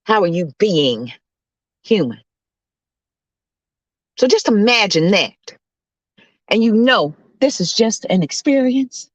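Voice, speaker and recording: A woman host preaching as a self-described coach preacher, emphatic and hollering, her voice swinging high and low. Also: very animated, takes it slowly, long pauses, no room sound, muffled recording.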